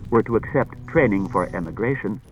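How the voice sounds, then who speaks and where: Calm humanlike robot detective, read by a man, measured and formal, low and level. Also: dull audio, natural voice.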